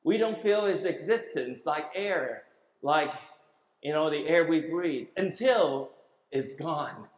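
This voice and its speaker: A man's voice: a little high, expressive, slow, echoey room, poor audio. A man preaching a sermon as pastor, emphatic, asking the congregation questions and having them repeat words after him.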